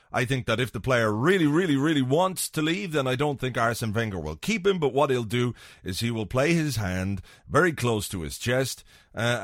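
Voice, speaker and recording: A man's voice: medium pitch, no echo, clean studio sound. A man hosting a football podcast, talking casually and with lots of swearing, slipping into voices to act out his points. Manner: sweary, animated, acts out voices for comic effect. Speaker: podcast host.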